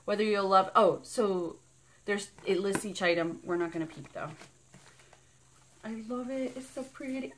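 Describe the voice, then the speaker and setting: A woman's voice: medium pitch, animated, normal speed, a bit bright, a little hiss or hum. Bubbly gushing woman vlogger. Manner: bubbly and gushing, squealing with delight; rambling and chatty. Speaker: unboxing vlogger. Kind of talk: casual unboxing chat.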